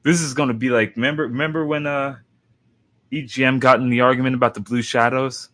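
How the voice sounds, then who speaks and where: A man's voice: medium pitch, little pitch movement, fast talker, fairly bright tone, dry recording. A man chatting casually on a gaming panel, rambling and sarcastic with a mock-grumpy edge. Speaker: podcast panelist. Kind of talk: casual chat.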